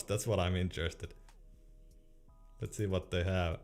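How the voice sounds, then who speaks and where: Low-voiced laid-back streamer man. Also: measured pace, long pauses, darkish tone, soft background music. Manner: laid-back, laughs often, trails off and restarts. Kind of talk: casual livestream chat, reading out chat questions.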